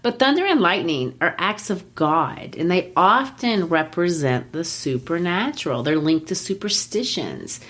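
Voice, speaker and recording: A woman hosting a literature podcast and explaining in a lively, teacherly way, with frequent "you know.". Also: on the low side, unhurried, hardly any pauses.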